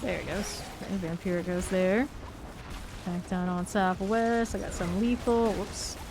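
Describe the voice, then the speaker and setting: A woman's voice: lowish voice, steady tone, unhurried, noisy background. A woman streaming a game live, thinking aloud and calling out enemies as they appear. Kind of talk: live gameplay commentary.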